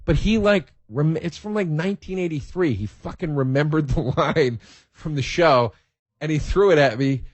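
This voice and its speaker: A man hosting a podcast, telling stories in a casual, profane, excitable way and laughing as he talks. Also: on the high side, moderate pace, no echo. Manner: profane, excitable storyteller who laughs mid-sentence. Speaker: podcast host. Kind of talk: casual storytelling.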